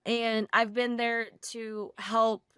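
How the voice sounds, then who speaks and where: A woman in her thirties co-hosting a podcast, telling a story in a gushing, animated way. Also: on the high side, slow, clean tone, no room sound, clean studio sound. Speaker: podcast co-host. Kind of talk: casual podcast chat.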